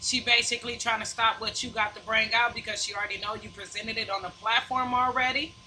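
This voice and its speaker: A woman with a bright, sharp, slightly high voice speaks bluntly in a heated online group chat, laying out her point at length. Faint noise sits behind her voice. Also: flat delivery, a little fast, rough recording. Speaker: chat participant.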